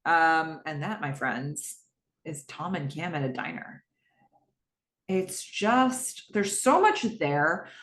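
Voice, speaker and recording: A woman's voice: low voice, animated, takes it slowly, a bit bright, roomy sound. A woman hosting a podcast, recapping a TV episode in casual talk, chatty with exasperated asides and lots of fillers. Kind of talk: casual solo recap, reading out scenes.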